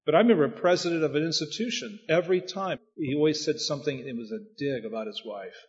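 Male pastor telling homey stories from the pulpit, kinda high voice, dull recording. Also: fast talker. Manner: folksy, anecdotal, chuckling asides. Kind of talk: preaching talk. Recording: muffled sound with long hall reverb.

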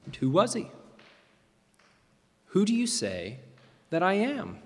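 A man preaching a sermon as pastor, emphatic, with dramatic pauses and swings between loud and soft. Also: high voice, huge pitch swings. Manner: emphatic, rising and falling delivery with dramatic pauses. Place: church sanctuary. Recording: long reverb of a large hall.

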